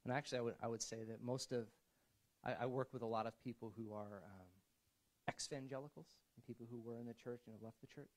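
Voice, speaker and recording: A man preaching a conversational sermon as a pastor in a church, often restarting phrases and swinging from quiet to emphatic. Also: medium pitch, steady tone, fast, rough recording.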